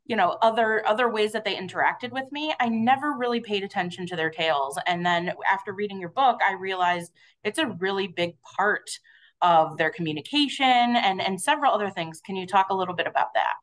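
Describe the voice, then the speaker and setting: A woman's voice: medium pitch, expressive, fairly quick. A woman hosting an online talk, asking curious, friendly questions over a video call. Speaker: interviewer, host. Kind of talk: webinar interview.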